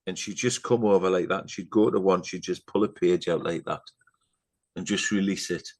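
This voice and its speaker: A middle-aged man from England with a deep voice, steady tone, and normal speed appears as a podcast guest telling a story. He rambles casually through fillers and side remarks, frequently slipping into a hushed, sincere voice.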